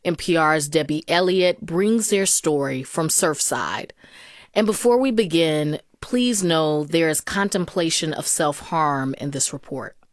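A woman radio news host who asks questions and introduces stories in a composed, clear way from a studio. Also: low voice, unhurried, dry recording.

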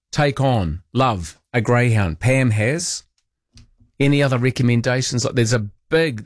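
A man's voice: medium pitch, no echo, clean studio sound. A man with a New Zealand accent hosting late-night talkback radio, chatty and rambling as he searches for words. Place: radio studio.

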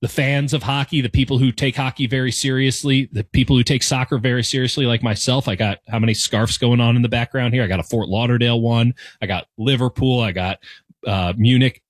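A man's voice: mid-range voice, steady tone, fairly quick, no echo. A man in his thirties with an American accent, talking through a candid, wry, self-deprecating opinion monologue in his home room. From United States. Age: 30s. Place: home room decorated with soccer scarves and flags.

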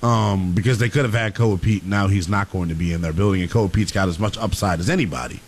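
A man co-hosting a sports radio show, speaking in a measured way with frequent "um"s. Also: deep voice, a little hiss or hum. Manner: measured, filler-heavy. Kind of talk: casual sports talk.

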